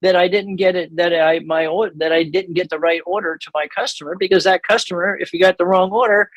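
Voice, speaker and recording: A man's voice: high-pitched, steady tone, fairly quick, fairly bright tone, no echo, rough recording. A middle-aged man leading a church seminar, talking conversationally with frequent restarts and small laughs.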